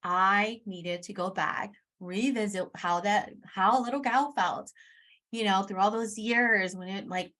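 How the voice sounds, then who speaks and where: A woman's voice: mid-range voice, a little slow, bright, forceful tone. A young woman hosting a podcast, telling a personal story in a candid, emphatic, casual way, with the odd swear word. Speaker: podcast host.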